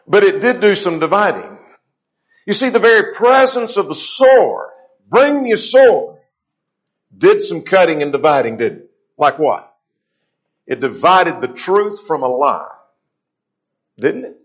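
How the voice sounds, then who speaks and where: A man delivers a sermon with a fairly high voice, leaning hard on key phrases and drawing them out slowly. He poses questions to his listeners and answers them himself. The recording sounds dull and lo-fi. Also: fairly bright tone. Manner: emphatic, slows down to stress scripture. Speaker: preacher.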